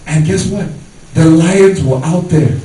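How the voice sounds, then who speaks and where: Fairly high-pitched but dark in tone and a little slow, a man's voice delivers a stand-up comedy set, spinning loose stories full of fillers. He's at a comedy venue, recorded in an echoey room with the mic far off, the crowd audible and laughing.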